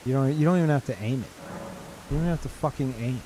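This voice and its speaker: A man's voice: medium pitch, very fast, dark tone, a little hiss or hum. A man streaming a game live, reacting in disbelief, swearing often and laughing a lot. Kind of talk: live gameplay commentary.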